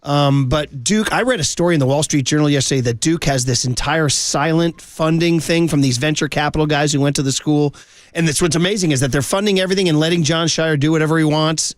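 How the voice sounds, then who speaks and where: Upbeat sports radio host, dry studio. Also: male voice, a little high, no room sound. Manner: enthusiastic, quick, laughing. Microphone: studio microphone.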